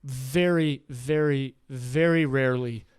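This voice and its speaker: A man's voice: mid-range voice, slow pace, clean tone, no room sound, studio quality. A man, a podcast guest, telling stories in casual chat and acting out what people said. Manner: animated, acts out quotes.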